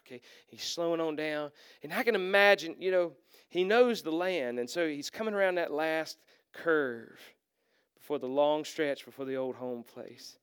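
A male pastor preaching a sermon, acting out the characters and swinging from loud to hushed. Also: on the high side, normal speed, clear, resonant tone, no echo, clean studio sound.

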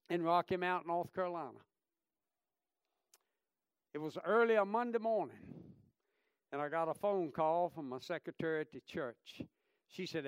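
High-pitched fervent preacher man. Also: smooth, no echo, studio quality. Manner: fervent preaching that drops into quiet storytelling. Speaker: pastor. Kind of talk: sermon.

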